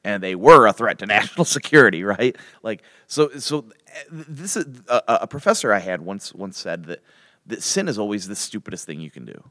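A man's voice: fairly low pitch, big pitch swings, fairly quick, sharp tone, no room sound, studio quality. A man preaching a casual, emphatic Bible teaching, full of restarts and rhetorical questions. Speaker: pastor.

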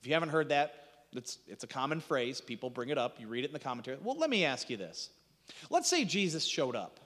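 A man's voice: mid-range voice, sing-song, fast talker, a bit bright, in a large hall. A man preaching a sermon as pastor, conversational, restarting phrases and asking the congregation rhetorical questions.

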